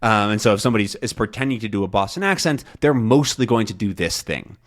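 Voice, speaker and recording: A man teaching English learners in a relaxed, rambling monologue, thinking aloud with many fillers and restarts. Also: on the low side, quick pace.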